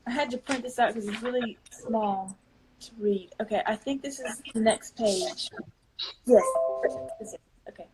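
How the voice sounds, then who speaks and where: A woman's voice: on the high side, normal speed, music in the background, poor audio. A woman on a video call, reading her poetry on a livestream, flustered and apologetic as she hunts for her page. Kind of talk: casual livestream chat.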